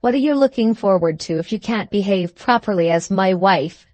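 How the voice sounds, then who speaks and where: A cold, sneering husband from an audiobook, drawling each word slowly and cuttingly, as a woman narrator reads him. His lines sit in a middling register and sound dry and close, with no room around them. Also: mid-range voice, darkish tone, no room sound, natural voice. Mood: cold menace. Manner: superficial drawl, slow and cutting. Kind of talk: audiobook character reading.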